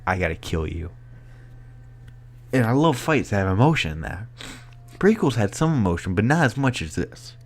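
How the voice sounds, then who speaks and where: A man giving a casual spoken movie review, excited and rambling with many filler words. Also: mid-range voice, a little fast.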